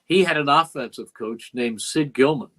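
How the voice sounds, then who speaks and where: In an interview captured on poor audio, a veteran radio play-by-play voice, now an older man, recounts stories earnestly and reflectively, acting out what people said. He speaks at a normal speed in a mid-range, slightly bright voice.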